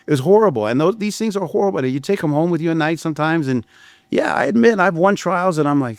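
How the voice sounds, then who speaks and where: A man's voice: on the high side, lively intonation, fast talker, no room sound. Blunt, profane man on a dry mic. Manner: blunt and profane, storytelling with frequent restarts. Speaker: criminal defense attorney. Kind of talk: candid podcast conversation.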